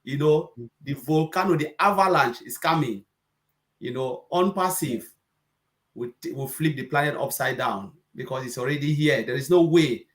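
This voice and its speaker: Emphatic, preachy man, slightly high voice. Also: moderate pace. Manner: acts out customers' voices. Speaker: presenter. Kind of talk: motivational webinar talk.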